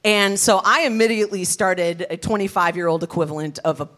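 A woman, telling her personal testimony in an earnest, expressive storytelling way. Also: lowish voice, a little fast. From Detroit area, USA. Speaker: speaker sharing her testimony.

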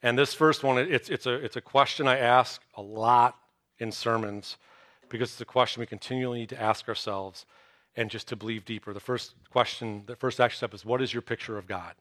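A man preaching a sermon, telling a Bible story with lively storytelling and acted-out reactions. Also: medium pitch, fairly quick. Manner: animated storytelling, acts out disciples' reactions. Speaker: pastor.

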